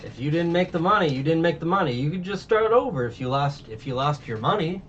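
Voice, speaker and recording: A man's voice: a little high, expressive, fast talker, a bit bright, pitched above the performer's own voice. A man voicing a gloating male pirate villain who mocks and threatens, in a casual anime recap. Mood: taunting. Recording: dull distant mic, faint hiss.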